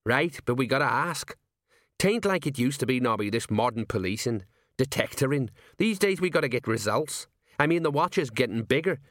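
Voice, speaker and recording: A man's voice: medium pitch, lively intonation, normal speed, a bit bright, no room sound, clean studio sound, voice pushed up, natural voice. A man voicing an older watch sergeant, set in his ways, with a folksy, rambling, common way of talking. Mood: grumbling.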